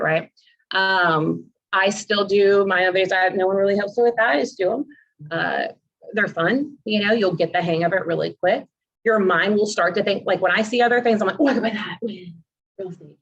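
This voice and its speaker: A woman's voice: lowish voice, creaky, highs cut off. A woman who works as a realtor and posts online, chatting casually and acting out the dialogue in her stories. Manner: chatty storyteller who acts out quoted dialogue. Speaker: realtor and social media creator. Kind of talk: casual chat.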